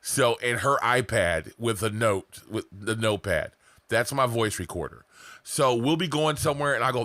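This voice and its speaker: Man, marketing coach, casual, profane, self-mocking, mid pitch, dry sound. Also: lively intonation, moderate pace, pushed and bright, no echo. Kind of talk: casual teaching to camera.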